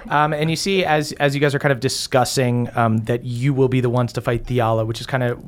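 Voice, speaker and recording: A game master narrating a tabletop role-playing game in a relaxed, chatty way. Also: medium pitch, a little fast, slight background noise. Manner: relaxed, chatty, laughs between lines.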